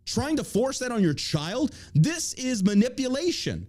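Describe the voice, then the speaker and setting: A man's voice: extremely high pitch, sing-song, measured pace, few pauses, a little mellow. A man hosting an opinion podcast, ranting with heavy profanity and mocking imitations of the people he criticizes. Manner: mocking put-on quotes. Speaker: podcast host.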